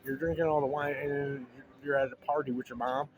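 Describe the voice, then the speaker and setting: A man's voice: mid-range voice, little pitch movement, a little fast, music in the background. A man in a rambling, joking casual monologue, full of restarts and asides to the listener.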